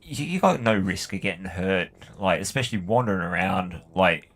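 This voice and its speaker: Australian male gaming host, lowish voice, casual sweary rambling stories. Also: lively intonation, moderate pace, fairly bright tone. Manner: rambling, sweary, full of "like" and "you know". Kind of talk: casual storytelling while playing a game.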